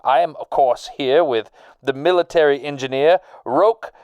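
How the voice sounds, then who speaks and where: A man playing an excitable, bumbling 18th-century excavation leader who stumbles over his words and whose accent keeps slipping. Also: fairly high pitch, unhurried, no room sound. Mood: flustered. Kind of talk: comedy sketch acting.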